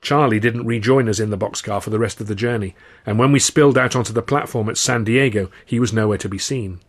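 A man, the author, reading his novel aloud in measured, dry first-person narration. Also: fairly low pitch.

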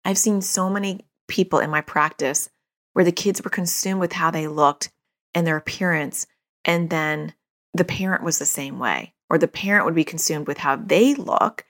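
Gravelly-voiced woman giving parenting advice. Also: lowish voice, a bit bright. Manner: chatty, self-disclosing, with frequent fillers and laughs. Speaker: podcast host and parenting therapist. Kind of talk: casual advice monologue.

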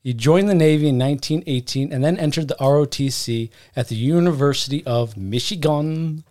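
A man's voice: fairly high pitch, a little fast, darkish tone. A man co-hosting a podcast, telling a story in a joking, profane, rambling way. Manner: profane, joking, talks to himself. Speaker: podcast co-host. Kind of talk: casual podcast chat.

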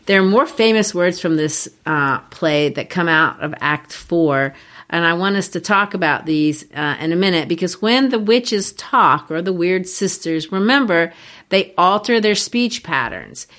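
Woman, slightly low voice, podcast co-host, teacherly explaining, easy laughter. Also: expressive, measured pace, fairly bright tone. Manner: explanatory, laughs easily, taps out rhythms aloud. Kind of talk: casual literary discussion.

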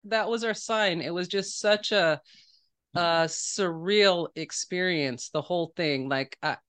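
A woman with a bright, clear voice that carries forward strongly. She talks on a podcast in an earnest, reflective way. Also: lowish voice, takes it slowly. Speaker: podcast guest. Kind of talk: casual podcast interview.

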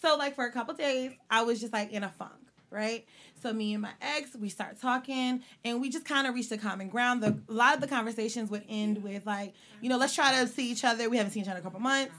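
A young adult woman co-hosting a podcast, telling personal stories in an animated, laughing way with free swearing. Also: fairly high pitch, quick pace. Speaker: podcast co-host. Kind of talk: casual storytelling chat.

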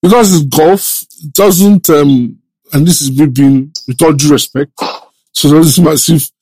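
Male podcast co-host, slightly high voice, dry close sound, emphatic and sure. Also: a little slow, a little mellow, breathy edge, no room sound, rough recording. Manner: emphatic, confident opinions. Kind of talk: casual sports podcast chat.

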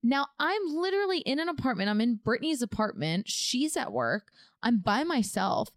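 A young woman co-hosts a casual podcast and tells a personal story with lots of energy. She acts out each quote with big jumps in pitch. Her voice sits a little high and sounds close and dry. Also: very animated, normal speed, no room sound. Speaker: podcast co-host.

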